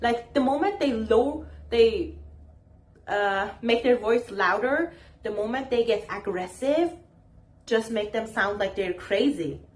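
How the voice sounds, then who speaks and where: A woman's voice: on the high side, animated, slow pace. A woman with giving advice straight to camera in a casual, emphatic way, repeating her phrases and acting out her own comebacks.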